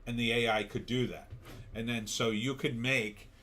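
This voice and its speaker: A man's voice: mid-range voice, fairly even intonation, moderate pace, sharp tone, slight background noise. Tired man ranting on a livestream. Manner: ranting, reads out chat comments. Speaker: livestream show host. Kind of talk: casual livestream rant.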